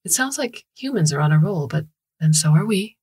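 A woman voicing a tall, calm woman from a lost people, speaking in a cool, deadpan, unhurried way. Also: on the low side, slightly rough, heavily acted.

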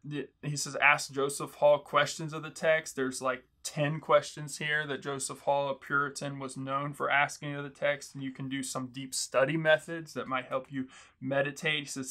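A man's voice: mid-range voice, level tone, normal speed, bright, forceful tone. A young man teaching in a video, summarizing a book's advice in an earnest, encouraging way and quoting its author often. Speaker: Bible study teacher. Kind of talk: video book overview, teaching.

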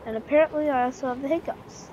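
A woman with a sore throat giving hesitant gameplay commentary, pausing often with filler sounds. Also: sits high, highs cut off, very noisy. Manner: hesitant, many filler pauses. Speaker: gaming channel host. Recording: loud game music and gunfire behind.

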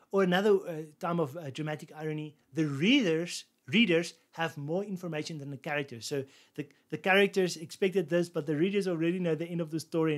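A man teaching a casual Bible lesson, relaxed, with frequent fillers, restarts and small laughs. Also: a little high.

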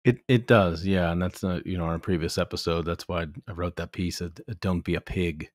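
Deep-voiced, wry podcast host man. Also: steady tone, normal speed, dry recording. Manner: wry, anecdotal, teasing. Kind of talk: casual chat.

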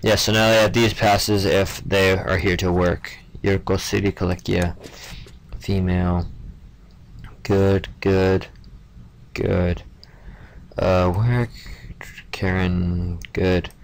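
A man's voice: deep voice, flat delivery, slow, vocal fry, pauses often, rough recording. A young man giving casual gameplay commentary, stumbling over names and muttering offhand asides. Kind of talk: casual let's-play commentary.

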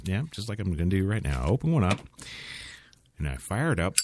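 A man's voice: low-pitched, sing-song, fast talker, noisy background. A man hosting talk radio in a studio, rambling and sarcastic between laughs. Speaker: radio host. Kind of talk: casual talk radio banter. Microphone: studio mic.

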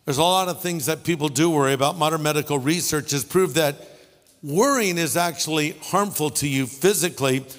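A man's voice: on the high side, a little fast, a bit bright, long reverb tail. A middle-aged male pastor preaching a sermon, telling funny stories and making wry asides. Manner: storytelling with jokes and asides. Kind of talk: humorous sermon.

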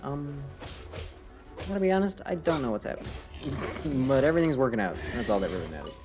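A man streams a game and offers casual, playful commentary, teasing the characters on screen and poking fun at himself. His medium-pitched voice is expressive and quick. Game music plays behind him.

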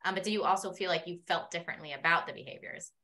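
A woman's voice: fairly low pitch, very fast, bright, forceful tone. A woman hosting a casual conversation, asking curious, probing questions full of "like". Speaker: host. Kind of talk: casual interview chat.

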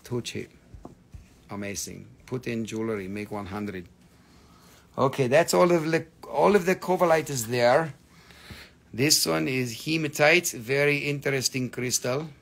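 On a livestream rock and mineral sale, the male host talks a little slowly at medium pitch, with vocal fry and a fairly bright tone. He chats in a joking, profane way and pokes fun at his viewers.

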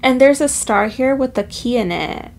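Gravelly-voiced woman giving a tarot reading. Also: high voice, expressive, moderate pace, darkish tone, a little hiss or hum. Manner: heartfelt, addresses viewers as my loves. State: slightly choked up with emotion. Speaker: tarot reader. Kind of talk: tarot card reading to viewers.

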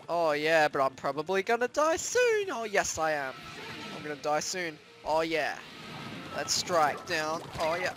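A young adult gaming host giving excitable let's-play commentary, breaking into screams at scares and rambling in self-mocking asides. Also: mid-range voice, a little slow, faint music behind.

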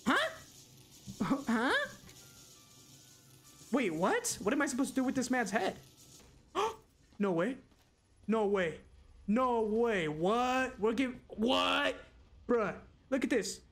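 A young man streams a zombie game with animated commentary. His pitch jumps all over as he reacts loudly, gasping at every surprise. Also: slow, gravelly, long pauses, faint music behind. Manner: excitable, loud reactions, frequent gasps. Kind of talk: live gameplay commentary.

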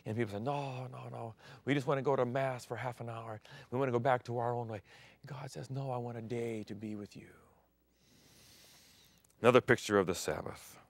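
A middle-aged man who grew up in Thailand, preaching a sermon with sudden swings from loud declaring to near-whispers. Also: mid-range voice, fairly even intonation, a little fast, gravelly, no echo. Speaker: pastor.

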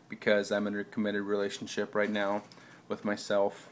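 A man's voice: fairly low pitch, monotone, normal speed. Goofy man rambling in an echoey bathroom. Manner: goofy, self-mocking, giggly. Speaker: vlogger. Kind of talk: rambling comic vlog.

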